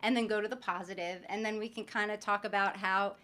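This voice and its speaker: A woman's voice: medium pitch, fairly even intonation, fast talker, sharp tone. A woman hosting a podcast interview, chatty and upbeat, introducing her guest with light jokes. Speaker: podcast host.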